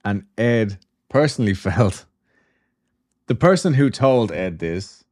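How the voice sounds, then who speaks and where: A man's voice: on the low side, animated, slow, a little mellow. A man hosting a podcast, telling a story in a loose, chatty way, with swearing and asides. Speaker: podcast host. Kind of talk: casual storytelling chat.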